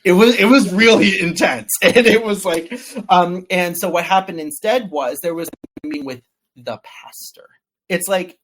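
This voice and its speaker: A man speaking as an interview guest, recounting a story in a relaxed, chatty way. He slips into other people's voices to act out their lines, which keeps his telling animated. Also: sits high, moderate pace. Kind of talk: casual storytelling.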